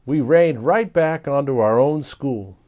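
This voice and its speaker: A man reading a children's storybook aloud in an animated, expressive way. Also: medium pitch, measured pace. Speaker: storybook reader.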